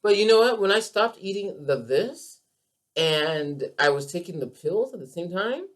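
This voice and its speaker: A woman hosting her own podcast as a keto coach, giving a passionate health monologue in an emphatic, animated way and repeating phrases for emphasis. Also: lowish voice, a little slow.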